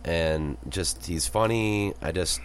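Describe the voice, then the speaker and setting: A man co-hosting a podcast in casual chat, relaxed and dropping in short remarks. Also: deep voice, takes it slowly, slight background noise. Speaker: podcast co-host.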